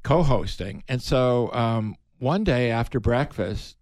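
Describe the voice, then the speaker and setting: An older man, a veteran broadcaster, telling animated stories in a casual interview, his voice jumping up when excited. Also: takes it slowly, dry recording. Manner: animated storyteller, pitch jumps up when excited. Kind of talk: reminiscing in casual conversation.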